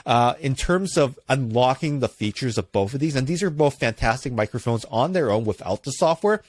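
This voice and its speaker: A man's voice: medium pitch, expressive, a little fast, darkish tone. A man co-hosting a casual tech podcast, explaining gear at length with lots of fillers and restarts, close on a dynamic microphone in a studio. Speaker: podcast co-host reviewing gear.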